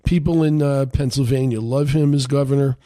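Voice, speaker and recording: A man's voice: mid-range voice, fairly even intonation, brisk, dark tone, no echo. Chatty male political radio host. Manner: conversational, many fillers and restarts. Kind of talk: political commentary monologue.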